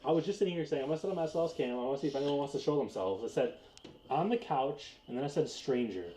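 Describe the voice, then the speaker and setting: A young man talks in a rapid, nervous rush, tripping over his words as he tries to explain what he is seeing. The room gives his voice a clear echo, and steady noise sits under the recording. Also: a little high. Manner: rapid, jittery, alarmed. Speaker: paranormal investigator. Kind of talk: casual ghost-hunting chat.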